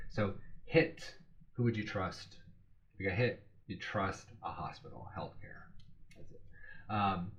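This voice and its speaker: Low-voiced man explaining study mnemonics. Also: a bit bright, lo-fi sound. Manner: rambling, self-correcting, thinks aloud with filler words. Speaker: exam study tutor. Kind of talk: casual spoken study lesson.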